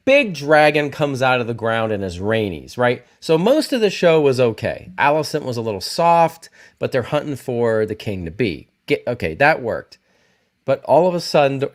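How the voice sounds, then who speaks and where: A man hosting a casual livestream, talking about TV episodes in a rambling, self-correcting way and reacting to viewers in the chat. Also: medium pitch. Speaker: YouTube host reviewing TV shows.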